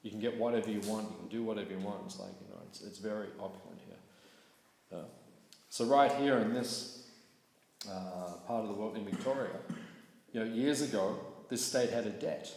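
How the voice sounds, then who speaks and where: A man teaching a scripture class in a relaxed, conversational way, often checking in with his listeners. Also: on the low side, moderate pace. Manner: conversational, keeps asking "right?". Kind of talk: casual scripture class talk. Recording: echoey hall with faint noise.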